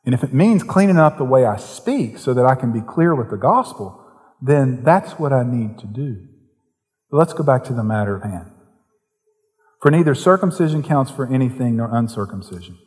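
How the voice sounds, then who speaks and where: Southern pastor preaching in a reverberant hall. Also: male voice, mid-range voice, lively intonation, normal speed, a little mellow. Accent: softened Southern US. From Western North Carolina. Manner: conversational preaching that builds to fervent emphasis. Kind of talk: sermon.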